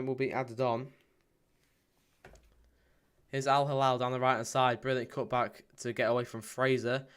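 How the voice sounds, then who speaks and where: A man hosting a live football watchalong stream. He chats casually, reads out viewer comments with plenty of ums, and breaks into excited play-by-play. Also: medium pitch, smooth. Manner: bursts into excited play-by-play at goals. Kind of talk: live match watchalong chat.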